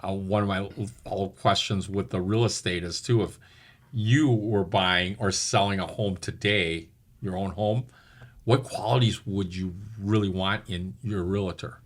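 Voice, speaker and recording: A man from Minnesota hosts a casual podcast interview in a fairly low voice. He affirms what his guest says and moves the talk along with follow-up questions. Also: fairly even intonation, normal speed. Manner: encouraging, affirming listener. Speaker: podcast host.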